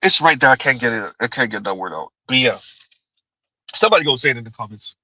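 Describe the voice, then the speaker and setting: Male livestream host, bright and slightly high, rambling and repetitive, laughs a lot, dry close sound. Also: lively intonation, quick pace, no echo, low-quality recording. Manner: rambling, repeats himself, laughs often. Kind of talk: casual live chat reading comments.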